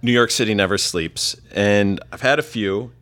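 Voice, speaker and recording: A man's voice: lowish voice, normal speed, a bit bright. A man telling a comic personal story in a laid-back, self-mocking way. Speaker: storyteller guest.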